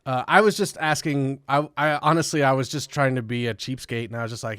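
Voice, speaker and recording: A man's voice: medium pitch, fairly even intonation, normal speed, fairly bright tone, clean tone, dry recording. A man chatting as a podcast guest, rambling, swearing freely and laughing often. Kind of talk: casual podcast chat.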